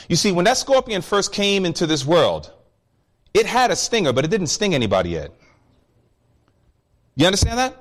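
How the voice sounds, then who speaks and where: A man's voice: high-pitched, normal speed, long pauses. A man preaching a sermon, breaking down a psalm and telling stories, asking the congregation questions. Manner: animated storytelling, addressing the congregation with questions.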